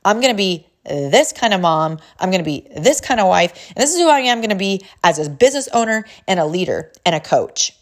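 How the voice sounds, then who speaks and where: A woman's voice: mid-range voice, big pitch swings, a little fast, few pauses. A woman in her thirties, a life coach, telling a family story in a motivational talk with energy and frequent laughter.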